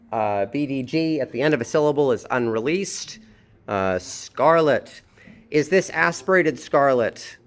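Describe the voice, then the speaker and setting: A man's voice: mid-range voice, fairly bright tone. A man teaching a phonetics lesson, explaining pronunciation patiently and thinking aloud as he goes. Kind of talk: phonetics lecture.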